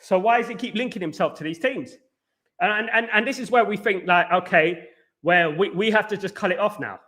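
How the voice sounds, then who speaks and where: A man's voice: high voice, brisk, a bit bright. A man hosting a football live stream, chatting casually and out of breath, answering viewer comments. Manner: chatty, repeats "absolutely" and "big up".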